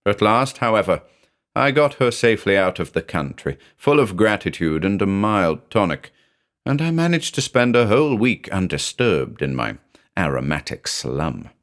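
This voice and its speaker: A man reading a classic horror story aloud in first person, measured and dry in his delivery. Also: lowish voice, sing-song, fairly bright tone. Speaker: narrator.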